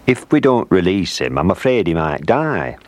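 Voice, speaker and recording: A man voicing an anxious, hurried royal messenger in a storybook reading. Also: deep voice, big pitch swings, a little mellow, no echo, pitched above the performer's own voice. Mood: worried. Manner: urgent, hurried.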